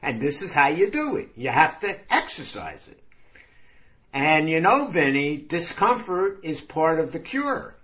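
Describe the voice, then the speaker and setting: A man's voice: on the high side, sing-song, unhurried, fairly bright tone, dull audio. A man voicing a firm, patient male doctor who lectures his patient on getting healthy. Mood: lecturing. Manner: level, lecturing advice.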